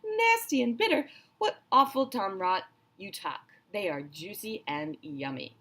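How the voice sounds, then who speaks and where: A woman voicing a greedy, boastful male crocodile in a storybook read-aloud, gloating loudly. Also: big pitch swings, measured pace. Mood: scoffing. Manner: gloating, loud and high.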